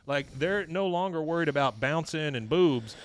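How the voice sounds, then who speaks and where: An animated man co-hosts a casual podcast, walking through a cartoon episode scene by scene. His pitch swings widely, jumping up whenever he acts out a character. The sound is close and dry, with no room echo. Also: normal speed. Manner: animated, acts out quotes in excited bursts. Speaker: podcast co-host. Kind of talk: casual recap chat.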